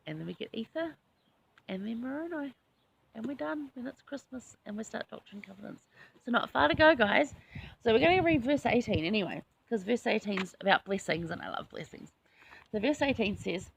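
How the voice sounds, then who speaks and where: A woman's voice: mid-range voice, expressive, fairly quick, vocal fry, a little hiss or hum. A woman hosting a casual scripture study chat, talking in a chatty, enthusiastic way with personal asides. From New Zealand. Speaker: host.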